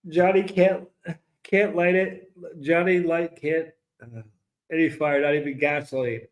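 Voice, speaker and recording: A man's voice: on the high side, steady tone, a little slow. A man in his fifties hosting a casual live stream, reading viewer comments aloud and laughing often. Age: 50s.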